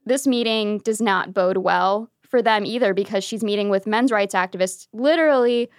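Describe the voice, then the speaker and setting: A woman with a mid-range voice co-hosts a political podcast. She explains stories briskly, with wry asides. Her voice is close and dry. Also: mid-range voice, no room sound. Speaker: podcast co-host and reporter. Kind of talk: casual political chat.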